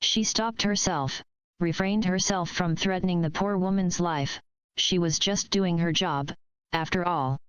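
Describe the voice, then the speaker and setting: A woman reading a fan fiction story aloud in a steady, measured way. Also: fairly low pitch, smooth, no echo, dull audio. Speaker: story reader. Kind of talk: fanfiction read aloud.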